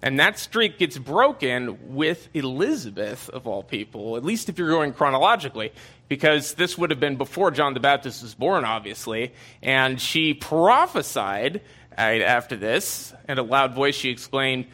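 A man's voice: medium pitch, sing-song, moderate pace, sharp tone. A man giving a casual Bible teaching in a conversational way, with many fillers and asides.

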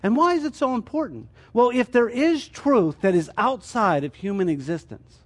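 A man's voice: sits high, expressive, moderate pace. A man teaching a sermon as a church teacher, explaining his points through rhetorical questions.

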